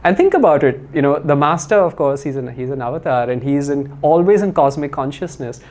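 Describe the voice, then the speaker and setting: Guy with a slightly high voice doing a spiritual talk, chatty, lots of ums and restarts. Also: expressive, fairly quick, a little mellow. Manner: conversational, many fillers and restarts.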